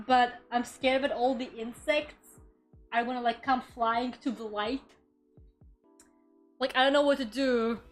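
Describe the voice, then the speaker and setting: Woman, high voice, casual streamer chatter, rambling, swears offhand, faint music underneath. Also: fairly even intonation, measured pace, long pauses. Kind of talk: casual live-stream chat. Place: her own room at home.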